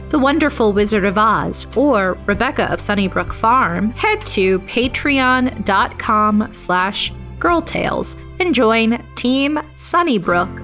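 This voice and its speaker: A woman hosting a podcast and reading a children's story aloud, gentle and clear. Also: mid-range voice.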